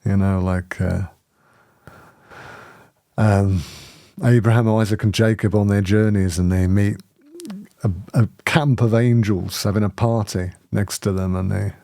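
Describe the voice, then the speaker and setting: A man hosting a spiritual community, telling a personal story in lively conversation, often laughing and restarting his sentences. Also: lowish voice, unhurried, long pauses, dry recording, clean studio sound.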